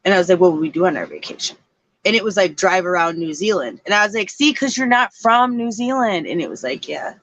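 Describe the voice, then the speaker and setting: A woman co-host chats casually, winding through her story with plenty of "like" and "I was like." Her voice sits at a middle pitch and sounds a little dull and lo-fi. The sound is dry, with almost no room echo. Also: lively intonation, fast, fairly bright tone. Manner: rambling storytelling, many fillers. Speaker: podcast co-host. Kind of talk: casual chat.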